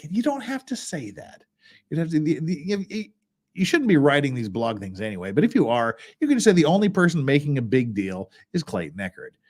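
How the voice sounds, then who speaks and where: A man's voice: on the high side, very animated, fairly quick. A man, a lawyer, giving casual reaction commentary as he reads a blog aloud, talking conversationally with exasperated asides.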